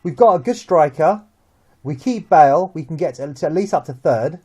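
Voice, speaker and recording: A young man with a London accent, chatting about football as host, lively and full of restarts and repeated words. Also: fairly high pitch, moderate pace, husky. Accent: London English. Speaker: vlog host. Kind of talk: casual football chat.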